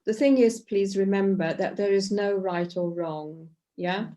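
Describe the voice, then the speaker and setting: A woman's voice: mid-range voice, unhurried. Woman leading a tapping workshop by video call. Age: middle-aged or older. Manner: warm and encouraging, with frequent "okay?" checks. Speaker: EFT tapping workshop leader.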